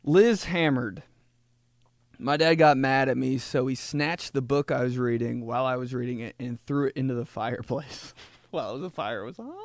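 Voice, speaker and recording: A man's voice: medium pitch, no room sound. A young man hosting a casual comedy podcast, rambling and laughing as he tells stories. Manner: rambling, laughing, fond of voices. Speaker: podcast host.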